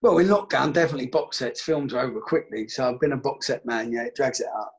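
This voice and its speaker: A man, a former footballer, telling an anecdote casually, animated and swearing freely. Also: medium pitch, fast, muffled recording.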